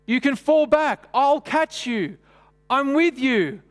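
An eager, coaxing kids' church leader calls out loudly across a hall, his voice pushed high as a preacher acts him out. The words ring in long reverb. He sounds like someone trying to talk a frightened child into something. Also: lively intonation, slow, heavily acted. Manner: loud, raised pitch, coaxing.

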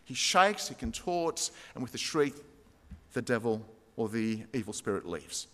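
A man's voice: mid-range voice, lively intonation, a little slow, a bit bright. A man preaching a sermon, telling a story and reading quoted passages aloud with rising intensity. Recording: long hall reverb.

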